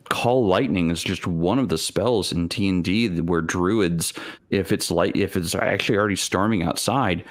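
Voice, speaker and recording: A man on a gaming livestream, explaining game mechanics in a thoughtful way, with many fillers, into a studio microphone. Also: low-pitched. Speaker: panelist on a tabletop gaming stream. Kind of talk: casual chat about game mechanics.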